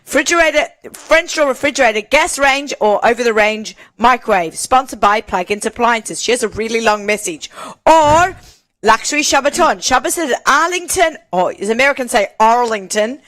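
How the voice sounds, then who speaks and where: Excited lady cohost on a live auction stream, bouncy voice, reading off prizes. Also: on the high side, normal speed. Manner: excited, giggly, reads prize list aloud. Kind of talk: live-stream phone call chat.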